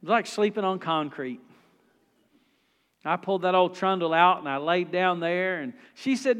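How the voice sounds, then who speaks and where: A male pastor, preaching a sermon in a folksy, animated storytelling manner. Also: high-pitched, normal speed, clear, resonant tone, big-room sound.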